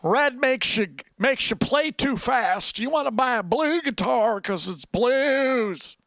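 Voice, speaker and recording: A man's voice: very high-pitched, expressive, slow pace, fairly bright tone, no echo, pitched above the performer's own voice, full character voice. A man voicing a clueless, overconfident male guitar commentator with a gushing manner. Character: clueless excitable male guitar know-it-all.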